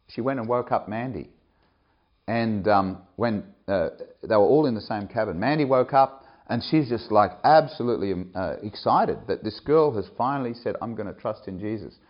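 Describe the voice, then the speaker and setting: Animated male preacher telling a story. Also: medium pitch, muffled recording. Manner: animated, rising excitedly when telling the story, with laughs. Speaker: preacher, camp director. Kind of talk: sermon storytelling.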